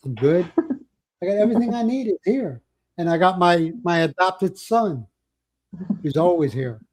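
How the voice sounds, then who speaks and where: Older guy hosting a live chat, kinda high voice, rambly jokey stories. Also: expressive, normal speed, a little mellow. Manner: joking, rambling storyteller. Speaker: livestream host.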